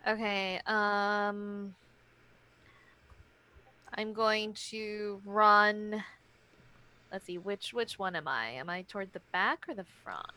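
A woman playing in a tabletop game, casual and quick to laugh. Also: medium pitch, pushed and bright, clean tone. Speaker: player.

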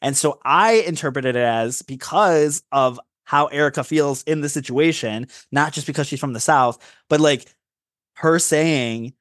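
A man's voice: on the high side, a little slow, a bit bright, no echo, studio quality. Laid-back man rambling with lots of "like". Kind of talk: casual chat.

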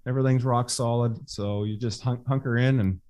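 A man's voice: mid-range voice, steady tone, a little fast, darkish tone. A Canadian man hosting a podcast, speaking in a motivational way to his listeners. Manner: motivational, addresses listeners as brothers. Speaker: podcast host. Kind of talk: podcast intro and interview.

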